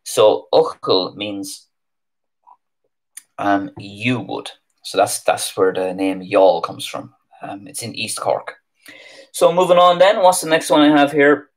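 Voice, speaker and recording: A man's voice: fairly low pitch, takes it slowly. A man with an Irish accent teaching Irish place names on a live stream, thinking aloud with ums and restarts. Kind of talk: live stream lesson, casual explaining.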